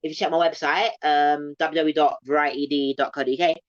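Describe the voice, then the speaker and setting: Low-voiced chatty woman, lo-fi. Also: fast, no room sound. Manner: animated, chatty, trailing restarts. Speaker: comedian and guest. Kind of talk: casual interview storytelling.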